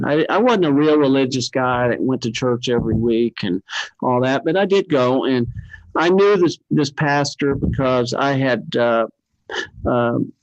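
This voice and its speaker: A man's voice: medium pitch, dry recording. An older man, an interview guest, telling his story in a rambling, earnest way with many fillers. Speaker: interview guest, cancer survivor. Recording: dull, dry lo-fi sound.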